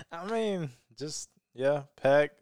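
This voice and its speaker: A relaxed man from Mexico chats casually and laughs easily. His smooth voice moves lively up and down, and it sounds dry and close. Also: a little high, drawn-out words, no room sound. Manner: easygoing, laughs often. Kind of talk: casual chat.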